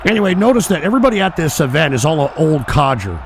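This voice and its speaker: A man's voice: on the high side, sing-song, quick pace, slight background noise. A man hosting a live-streamed political talk show, ranting profanely and combatively at commenters in the chat.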